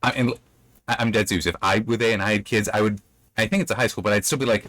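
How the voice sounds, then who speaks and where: A man hosting a channel gives a casual spoken review of a book chapter, retelling the plot in a rambling way and dropping in playful mock voices. His low, fairly bright voice stays steady in tone, and he talks fast.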